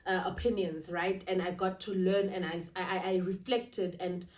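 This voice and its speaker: A woman's voice: fairly low pitch, flat delivery, moderate pace, a little mellow. Emotional woman vlogging in a roomy space. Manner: emotional, confiding, checks in with "right?". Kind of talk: casual talk to camera. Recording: roomy, slightly distant.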